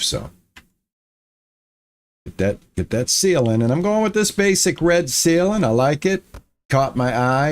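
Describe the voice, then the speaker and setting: A man's voice: medium pitch, a little mellow. A man streaming a building game, talking to his viewers and himself, muttering and repeating lines when things go wrong. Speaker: gaming streamer. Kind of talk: casual let's-play commentary.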